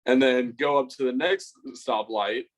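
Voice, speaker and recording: A man's voice: medium pitch, a little slow, low-quality recording. A young man on a podcast telling a rambling, swear-filled story about a fight, acting out what he said. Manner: rambling, swears a lot, acts out his own lines. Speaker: podcast co-host. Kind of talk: casual storytelling.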